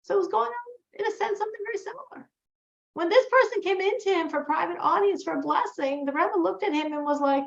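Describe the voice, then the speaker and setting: A woman's voice: very high voice, a little fast, vocal fry. A woman teaching a religious class, telling stories and acting out the characters' lines as she quotes them. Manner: storytelling, animated quoting of characters. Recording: echoey, dull lo-fi room sound.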